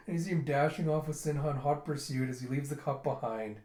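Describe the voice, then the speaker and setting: A man's voice: a little high, quick pace, few pauses, darkish tone, roomy sound. A man casually retelling a manga volume for a review, using loose filler phrases.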